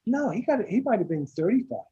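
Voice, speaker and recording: An older man with a Staten Island accent, a film director telling rambling, animated stories in an interview, repeating words as he goes. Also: high voice, fairly quick, breathy edge, dull audio. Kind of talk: casual storytelling interview.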